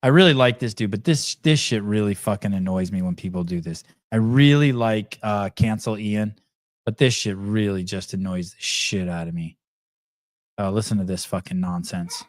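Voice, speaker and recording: This podcast host has a fairly low-pitched voice, captured in a dry recording. Playing clips as he goes, he chats loosely and bluntly, stumbling through lots of fillers and restarts and swearing along the way.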